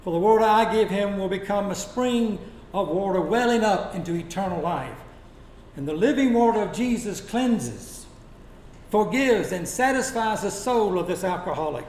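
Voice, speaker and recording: A man preaching a sermon, telling Bible stories dramatically and dropping to a hush for quoted lines. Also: high-pitched, lively intonation, normal speed. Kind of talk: sermon storytelling. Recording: echoey room with faint noise.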